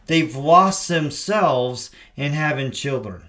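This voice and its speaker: Reflective middle-aged man, higher voice. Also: expressive, slow pace, a little hiss or hum. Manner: warm, reflective, preacher-like emphasis. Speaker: podcast host. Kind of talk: casual conversation.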